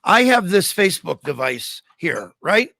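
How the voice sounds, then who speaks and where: A man's voice: sits high, big pitch swings, unhurried, vocal fry, pushed and bright, no echo. An older man hosting a podcast, telling rambling anecdotes full of restarts and acted-out quotes over a video call from a home room. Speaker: podcast host. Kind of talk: casual storytelling chat.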